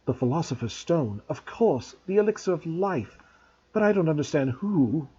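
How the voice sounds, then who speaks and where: A man's voice: a little high, lively intonation, normal speed, warm tone, husky. A man voicing an earnest, questioning young schoolboy wizard, raising his voice, on a dull lo-fi recording. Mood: puzzled.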